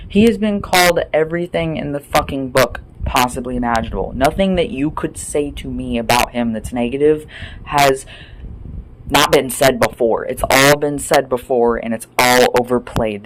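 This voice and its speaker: A man's voice: mid-range voice, a little hiss or hum, poor audio. Heated, profane man ranting. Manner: heated, profane, emphatic and repetitive. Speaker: vlogger. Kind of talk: ranting monologue to camera. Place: indoor room.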